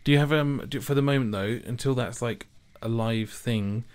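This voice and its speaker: A man's voice: mid-range voice, normal speed, smooth. A man hosting an interview over a video call, asking friendly, slightly hesitant questions in a casual chat.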